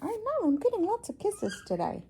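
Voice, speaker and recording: A woman's voice: very high voice, huge pitch swings, fairly quick, background noise. Cooing woman baby-talking to her parrot. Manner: cooing, soft, sing-song; drops to whispers at times. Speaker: parrot owner. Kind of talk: pet-talk baby talk to a parrot. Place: home indoors.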